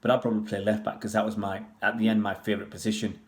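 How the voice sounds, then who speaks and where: A man's voice: fairly low pitch, little pitch movement, very fast. A man from Pakistan, raised in England, chatting casually on a livestream and answering viewers' questions in a rambling way. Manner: rambling, chatty, many restarts and fillers.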